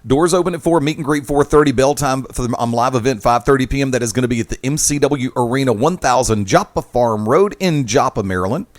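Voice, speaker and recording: A man's voice: mid-range voice, quick pace, few pauses. A man hosting a sports radio show in a jokey way, reading event details like promo copy. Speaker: radio host.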